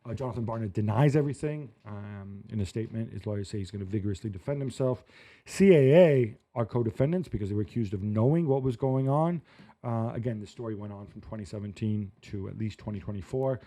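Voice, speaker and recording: Male sports pundit, lower register and mellow; measured, filler-heavy panel talk. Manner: thoughtful, hesitant with many fillers. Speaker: football analyst.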